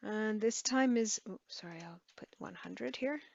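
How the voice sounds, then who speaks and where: A woman's voice: mid-range voice, measured pace, gravelly, dry recording, dull audio. A woman teaching a language lesson, patiently repeating words and correcting herself as she writes. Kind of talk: slow lesson, writing while explaining.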